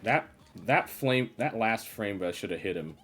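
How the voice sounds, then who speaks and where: Deep-voiced man grumbling over a game. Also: lively intonation, a little slow, fairly bright tone. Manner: exasperated, sarcastic grumbling. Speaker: streamer. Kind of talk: live gameplay commentary.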